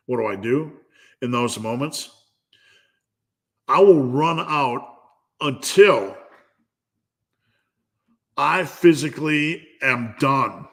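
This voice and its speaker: A man's voice: medium pitch, fairly bright tone. A man hosting a live fitness Q&A, giving a blunt, profane pep talk. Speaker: fitness channel host.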